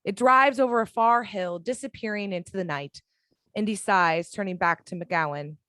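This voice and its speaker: As narrator of a fan audio drama, a woman reads a screenplay's action descriptions in a dramatic, measured style. Her mid-range voice is pushed and bright, and the recording is dry.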